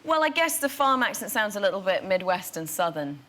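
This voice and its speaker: Actress guest, woman, bright and lively anecdote-teller. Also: mid-range voice, brisk. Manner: animated storyteller. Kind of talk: anecdote telling. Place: TV studio.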